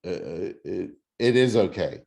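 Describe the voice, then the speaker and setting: Slow, halting male real estate instructor. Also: low-pitched, lively intonation, vocal fry, darkish tone. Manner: halting, many fillers and restarts. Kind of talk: casual teaching over video call.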